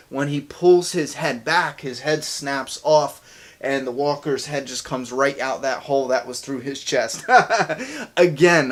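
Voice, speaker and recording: Rambling excited man answering fan questions. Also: mid-range voice. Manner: excited, rambling, quick asides with laughs. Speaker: channel host answering viewer questions. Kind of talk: casual fan Q&A talk.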